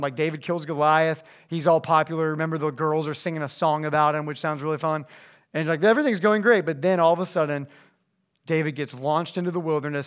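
A young man giving a casual, animated sermon to high school students, slipping into voices as he reads scripture. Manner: animated, conversational, acts out voices when reading scripture. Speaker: youth pastor. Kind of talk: youth sermon.

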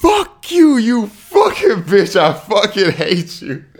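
A man's voice: wildly swooping pitch, takes it slowly, heavily acted. A man playing his livid cursing best friend. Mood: furious. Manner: yelling curses, high and strained. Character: furious foul-mouthed male best friend.

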